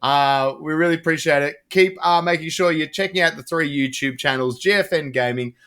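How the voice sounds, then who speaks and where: Higher-voiced man hosting a podcast. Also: fairly quick, a bit bright, clean tone. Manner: rambling, filler-heavy sign-off. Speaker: podcast co-host. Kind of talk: casual chat.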